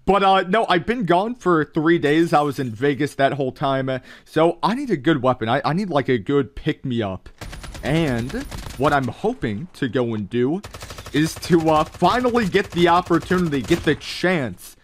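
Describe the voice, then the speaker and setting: Young male gamer, excitable commentary, lively swooping pitch, faint gunfire behind. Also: moderate pace, a little hiss or hum, poor audio. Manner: hyped, talks to chat, frequent exclamations. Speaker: mobile game streamer.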